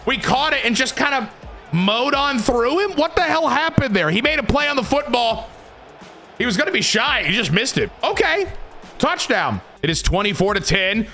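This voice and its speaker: Bright-voiced guy calling his own game plays, high and bouncy, loud then quiet, music under it. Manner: swings from loud hype to low muttering. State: sweaty and tired from long recording. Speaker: gaming YouTuber. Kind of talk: excited video game commentary. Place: his room.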